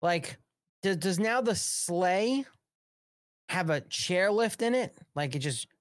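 Slow and expressive, a middle-aged American host delivers a sarcastic, profanity-laced rant on a live commentary show, often breaking into laughter. His pitch rises and falls dramatically as he jokes and mocks, recorded close and dry without any echo.

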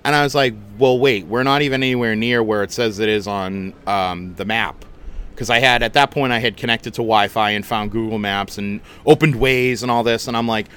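A man hosting a podcast, telling a story in a casual, animated, chatty way and swearing freely. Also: lowish voice, brisk, smooth. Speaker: podcast host.

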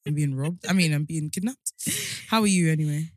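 A woman's voice: low-pitched, fairly quick, darkish tone, no room sound, clean studio sound. A woman co-hosting a podcast in casual chat, telling stories and laughing often. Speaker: podcast co-host.

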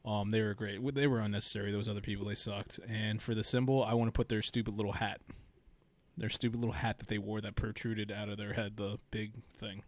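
Young man, lowish voice, dry close sound, casual banter, laughs a lot. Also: little pitch movement, fast, no echo. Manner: joking, laughs often, trails off mid-sentence. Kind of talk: casual chat.

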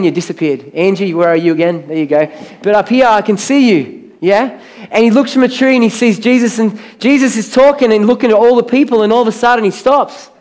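A high-pitched man preaches from a church stage. He tells Bible stories with animation and acts out the voices of the characters. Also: a little mellow. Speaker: pastor. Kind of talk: sermon.

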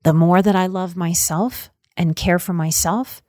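A woman's voice: on the low side, fairly even intonation, a little slow, darkish tone, no room sound, studio quality. Earnest woman coaching with affirmations. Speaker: self-help speaker. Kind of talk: motivational talk with affirmations.

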